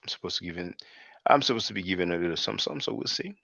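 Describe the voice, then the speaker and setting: A man's voice: sits low, expressive, rapid-fire, vocal fry, sharp tone, dry recording. A man hosting his channel, talking loosely in a casual commentary monologue and calling his viewers brothers and sisters. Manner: loose and conversational, often says "man". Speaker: channel host. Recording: dull lo-fi dry recording.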